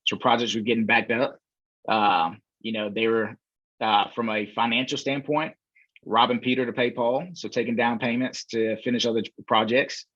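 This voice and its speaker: A man's voice: medium pitch, moderate pace, no echo. Man telling a story on a dull, dry line. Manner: relaxed storyteller, many fillers, acts out quoted voices. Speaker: podcast guest, real estate investor. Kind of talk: storytelling in a casual interview.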